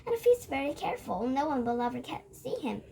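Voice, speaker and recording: A woman's voice: sits high, very animated, quick pace, vocal fry, warm tone, full character voice. A woman reading a storybook aloud and voicing a clever young boy who has been turned into a mouse, speaking eagerly and earnestly.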